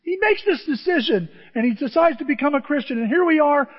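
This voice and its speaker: High-voiced pastor in an echoing hall. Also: male voice, fairly quick, highs cut off. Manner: animated storytelling, acting out dialogue. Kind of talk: sermon.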